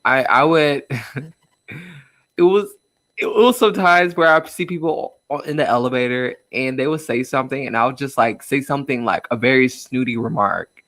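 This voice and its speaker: Inside a car, a young man speaks as a guest, sharing a personal story openly and emotionally, full of fillers and nervous laughs. His voice is medium-pitched, moderately paced, and a bit bright, with no room sound.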